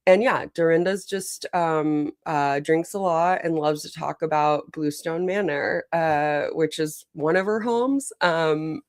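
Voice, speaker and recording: Female podcast guest, chatty and giggly; deep voice for a woman, dry close sound. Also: slow pace, few pauses, dry recording. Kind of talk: casual podcast chat.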